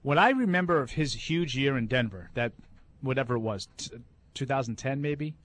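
A man on a sports talk show, debating casually, with halting restarts that turn into emphatic points. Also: mid-range voice, expressive, a bit bright. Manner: hesitant restarts, then emphatic.

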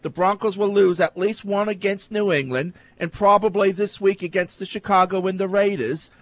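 A man's voice: sits high, normal speed. A man hosting a sports talk show, reading listener questions aloud and answering them with sardonic, mocking humor.

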